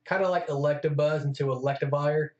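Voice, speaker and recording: A man's voice: fairly high pitch, fairly even intonation, brisk, a little mellow. A man co-hosting a casual chat, talking eagerly and freely. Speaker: co-host. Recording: echoey room, dull lo-fi sound.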